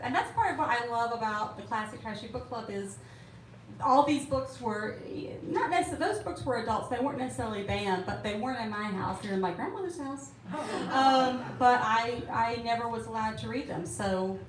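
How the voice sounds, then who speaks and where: A woman's voice: a little high, normal speed. A middle-aged woman from Alabama, an author answering audience questions with chatty, laugh-filled stories. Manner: chatty, laughing often, storytelling. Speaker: author at a book event. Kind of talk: casual Q&A answers. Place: bookstore event room. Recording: roomy room, distant mic, faint hiss.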